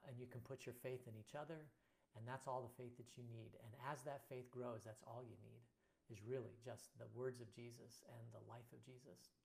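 Man giving a livestreamed Bible teaching. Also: medium pitch. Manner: reads scripture aloud, then comments casually with many fillers. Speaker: pastor. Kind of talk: livestreamed Bible study sermon. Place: indoors near a railway line.

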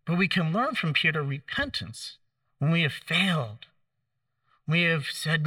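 A man preaching a sermon, telling the story in a conversational way, acting out the quoted lines with gentle humor. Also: a little high, lively intonation, measured pace, dry recording, distant mic.

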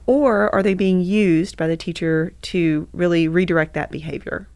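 A woman guest, a school improvement coordinator, explaining her views in a measured way. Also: on the low side, a little mellow, no echo. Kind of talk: conversational interview.

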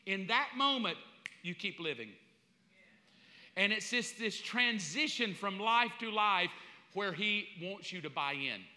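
A man preaching a sermon in an animated way, acting out little scenes and laughing as he goes. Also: high voice, a little slow. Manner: animated, acts out voices, laughs. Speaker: pastor. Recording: long hall reverb.

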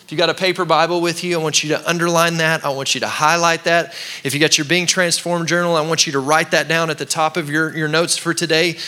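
A man in his thirties preaches in a church with a bright, forceful voice pitched a little high for a man. He talks in a loose, conversational way and asks the congregation to repeat words back to him. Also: steady tone, brisk. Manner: conversational preaching with call-and-response. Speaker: pastor. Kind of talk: sermon. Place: church sanctuary.

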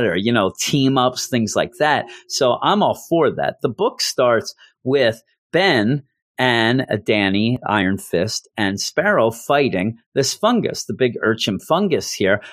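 A man's voice: lowish voice, dry recording, clean studio sound. A man casually reviewing a comic book, rambling and enthusiastic, often stopping and restarting. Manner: rambling, self-interrupting, enthusiastic.

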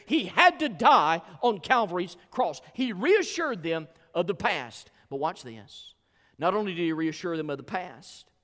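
A man with a Southern US accent preaching a sermon as pastor, with rhythmic delivery that swells into loud climaxes. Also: high voice, big-room sound.

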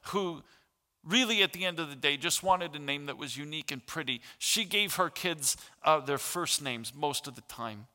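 A man's voice: medium pitch, sharp tone. A middle-aged man preaching a sermon as pastor, earnest and building to impassioned emphasis. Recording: long hall reverb.

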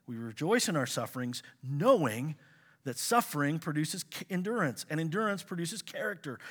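A man preaching a sermon, animated, swinging between loud exclamations and quiet asides. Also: a little high. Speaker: pastor.

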